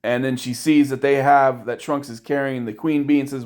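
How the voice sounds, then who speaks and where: A man giving a casual, irreverent episode recap, with crude jokes and quick voiced asides for the characters. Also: mid-range voice, steady tone, a little mellow. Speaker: anime reviewer.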